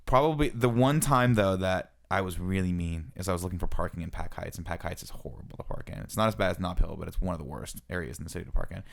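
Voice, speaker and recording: A young man with a somewhat low voice rattles through a story on a casual podcast. He talks quickly and acts out what each person said. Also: creaky. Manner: animated storyteller, acts out quoted lines. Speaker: podcast co-host.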